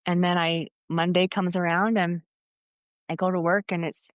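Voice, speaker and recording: Middle-aged woman, interview guest, animated storyteller, low-ish voice, dry close sound. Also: moderate pace, no echo, lo-fi sound. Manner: animated storyteller, acts out quotes. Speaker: guest, foot zoner.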